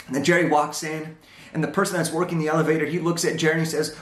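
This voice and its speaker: Young male motivational speaker, high, animated storyteller, echoey hall sound. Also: racing. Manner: animated storyteller, acts out dialogue. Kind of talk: storytelling talk on stage.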